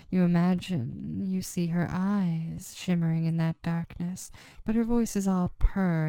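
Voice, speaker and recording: A woman narrating an erotic story in the second person, with a slow, hushed, even delivery. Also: fairly low pitch, smooth, no echo, poor audio.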